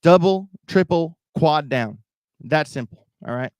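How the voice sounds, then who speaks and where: A man's voice: fairly high pitch, animated, unhurried, darkish tone, clear, resonant tone, no echo, clean studio sound. A man hosting a crypto livestream in casual, rambling talk, often restarting and repeating himself while addressing viewers. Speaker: crypto YouTube host.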